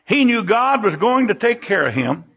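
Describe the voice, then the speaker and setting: An older man preaching a sermon in a church. He tells personal stories and bursts into animated exclamations. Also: sits high, normal speed, vocal fry, slightly rough. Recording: dull lo-fi recording.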